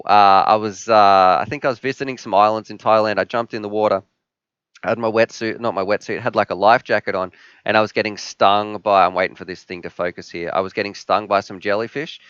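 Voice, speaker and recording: Male host, 30s, animated rambling storyteller, smooth clear voice. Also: lowish voice, no room sound, muffled recording. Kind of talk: live stream Q&A chat.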